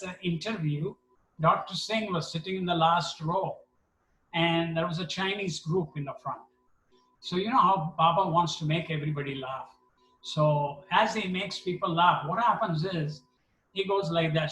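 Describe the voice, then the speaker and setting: Animated man telling stories in an echoey room. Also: sits high, distant mic. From India. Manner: animated, acts out quotes with voices. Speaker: satsang speaker. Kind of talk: storytelling talk.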